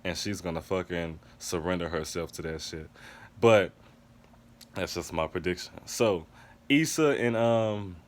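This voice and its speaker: A man's voice: sits low, a little slow. Emphatic, profane man reviewing TV. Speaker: TV episode reviewer. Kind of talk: casual recap and review monologue.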